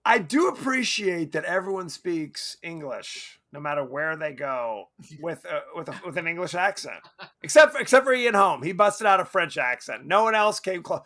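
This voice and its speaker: A man's voice: on the high side, moderate pace. A man co-hosting a podcast, chatting casually and jokily about a movie. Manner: animated, jokey, slips into quoted voices. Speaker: podcast co-host.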